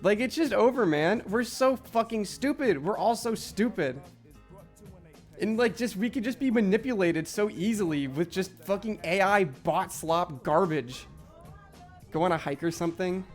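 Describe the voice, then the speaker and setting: A young man with a high voice, chatting casually on a live stream. He rants with frustration, swears often and fills his talk with "like". Faint music plays under him. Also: animated, normal speed. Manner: frustrated ranting, heavy swearing, many "like" fillers. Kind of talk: casual live-stream chat while gaming.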